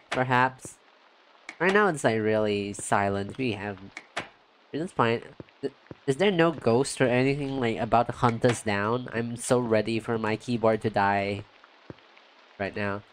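Slow-talking excitable male streamer. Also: a little hiss or hum. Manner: chatty and excitable, lots of "yo" and "like"; jumps up in pitch when greeting chat. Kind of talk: casual let's-play commentary.

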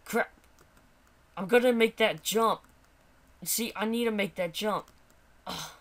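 A man's voice: high-pitched, slow, pauses often, a bit bright. A man doing let's play commentary, frustrated and exclaiming as he keeps failing a level. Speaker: gamer.

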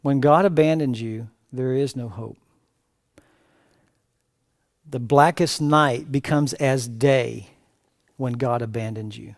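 A male pastor preaching an impassioned sermon, swinging between raised emphatic phrases and hushed, low lines. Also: a little slow, no echo, studio quality.

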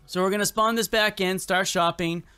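An upbeat gaming commentator narrating play in a loose, jokey way, often laughing and talking straight to characters on screen. The voice sits at a middling pitch but bounces up and down constantly with excitement. Faint game music plays underneath. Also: moderate pace, clean tone. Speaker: gaming video creator. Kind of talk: casual gameplay commentary.

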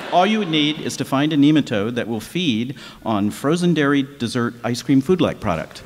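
A man's voice: medium pitch, lively intonation, moderate pace. A man hosting a scripted comedy act on stage, chatty and joking, with many fillers. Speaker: comedy host. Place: large lecture hall with live audience. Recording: echoey hall, crowd and noise.

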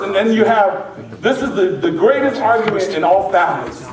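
High-voiced pastor preaching in an echoey church. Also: male voice, moderate pace, hardly any pauses, recorded from a distance. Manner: lively and joking with the congregation. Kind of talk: sermon. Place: large church sanctuary.

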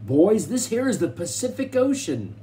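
A man reading a storybook, voicing a rough, folksy frontier gold-seeker who yells his lines. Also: medium pitch, measured pace, a little hiss or hum, natural voice. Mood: exultant. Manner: folksy, shouting.

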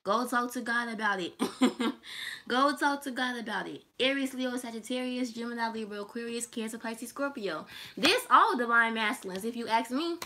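Bright, high-voiced woman reading tarot. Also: normal speed, a little hiss or hum. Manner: animated, laughing, profane and teasing. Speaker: tarot reader.

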